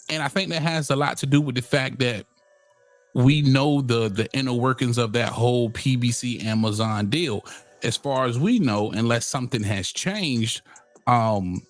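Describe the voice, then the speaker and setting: A man hosting a live boxing talk stream, chatting loosely with many fillers, shout-outs and a Black way of speaking. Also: medium pitch. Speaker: boxing channel host. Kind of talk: casual live-stream commentary.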